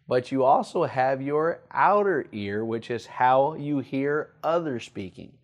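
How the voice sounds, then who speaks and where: A male pastor teaching a sermon, often repeating key points and slowing down to stress them. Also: mid-range voice.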